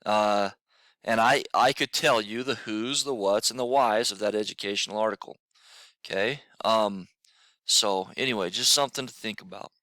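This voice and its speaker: A man's voice: fairly low pitch, moderate pace, sharp tone, dry recording. Tired man teaching a class. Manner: casual, repeats himself, many fillers. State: tired, yawning. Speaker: middle school teacher. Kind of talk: recorded class lesson.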